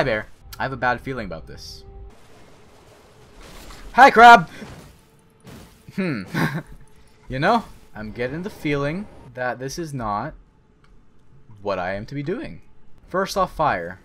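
A young man giving crude, excitable commentary while playing a video game, swinging from mutters to yells. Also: mid-range voice. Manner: crude joking. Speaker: gaming YouTuber. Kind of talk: Let's Play commentary.

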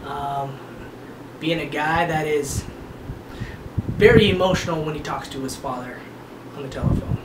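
A man auditioning for a comedy show, introducing his characters hesitantly and quietly. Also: moderate pace, long pauses. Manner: hesitant, low-key. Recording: echoey room, far camera, background noise.

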